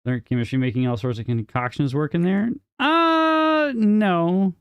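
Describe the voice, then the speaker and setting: While live-streaming a city-building game, a man chats casually and jokes with his viewers, calling chat members by name as he plays. His mid-range voice is expressive, fast and smooth, and the lo-fi recording has no room sound.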